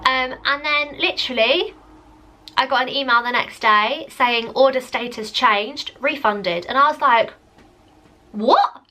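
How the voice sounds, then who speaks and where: Chatty young woman, bright voice. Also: high voice, measured pace. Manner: chatty, exasperated, heavy use of "like". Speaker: vlogger. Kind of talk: casual storytime vlog.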